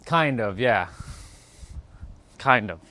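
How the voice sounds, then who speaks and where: Male streamer, casual musing chat, slow pace. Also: mid-range voice, animated, sharp tone, no room sound. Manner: laid-back, musing, quick to laugh. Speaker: livestream host.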